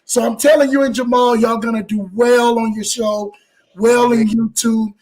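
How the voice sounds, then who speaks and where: A man hosting a live show, talking in an animated, preacher-like way and blessing his audience. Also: very high voice, normal speed, poor audio. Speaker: show host. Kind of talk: exuberant live show wrap-up.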